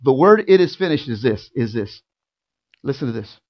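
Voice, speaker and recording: A man preaching a sermon in a church, building from quiet, drawn-out lines to loud, fervent shouting. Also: medium pitch, animated, muffled recording. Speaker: pastor. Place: church sanctuary.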